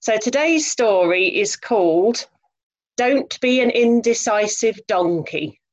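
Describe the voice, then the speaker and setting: A woman reading a children's story aloud over a video call, lively, expressive and chatty. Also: on the high side, slow.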